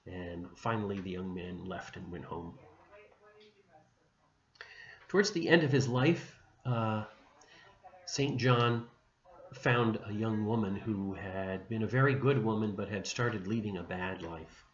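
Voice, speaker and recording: Low-voiced man telling a saint's story. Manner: gentle, unhurried retelling with small restarts. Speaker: religion teacher. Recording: dull, echoey room recording with faint hum.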